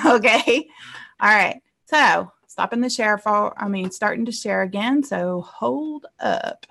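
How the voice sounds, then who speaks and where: A woman life coach teaching a casual online class over a computer mic, chatty and quick to laugh, tagging her points with "okay?". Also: medium pitch, lively intonation, gravelly, sharp tone. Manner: chatty, tags nearly every point with "okay?", laughs easily.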